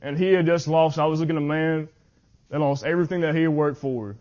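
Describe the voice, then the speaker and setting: A man preaching at a youth meeting, reading scripture slowly and earnestly, sometimes tripping over his words. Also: a little high, darkish tone. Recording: muffled lo-fi audio.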